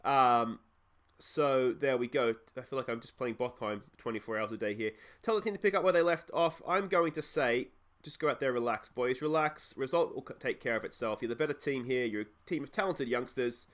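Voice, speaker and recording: A young Australian man with a hoarse voice from a cold, casually commentating his football management game and rambling between bursts of excitement when his team scores. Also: medium pitch, brisk. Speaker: let's play host.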